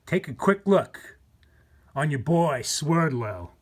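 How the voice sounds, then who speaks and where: A man's voice: on the high side, lively intonation, takes it slowly, husky. A man hosting his own channel, talking to viewers in a rambling, repetitive monologue, often restarting and calling them folks. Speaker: conspiracy channel host.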